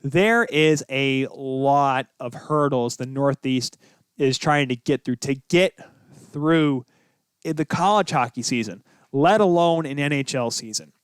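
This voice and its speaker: A man's voice: mid-range voice, measured pace, clean tone, no echo, clean studio sound. A young man hosting a sports podcast, talking solo in a rambling way, thinking aloud, his voice jumping up when he gets worked up. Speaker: podcast host.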